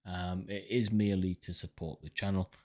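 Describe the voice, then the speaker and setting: A man hosting a casual livestream and answering viewer questions, chatty and relaxed, with many ums and uhs. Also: deep voice, moderate pace. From United Kingdom. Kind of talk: casual live commentary.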